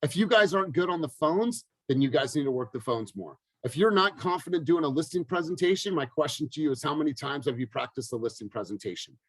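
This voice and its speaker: A man's voice: fairly high pitch, fast talker, few pauses, no room sound, low-quality recording. Emphatic motivational coach, man. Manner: energetic, emphatic, repeats phrases for effect. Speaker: real estate team coach. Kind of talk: motivational team talk.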